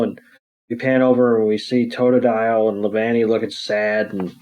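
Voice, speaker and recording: A man's voice: medium pitch, little pitch movement, normal speed, a little mellow, poor audio. A man co-hosting a podcast, casually recapping a cartoon episode with crude jokes. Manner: laid-back, crude joking. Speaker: podcast co-host.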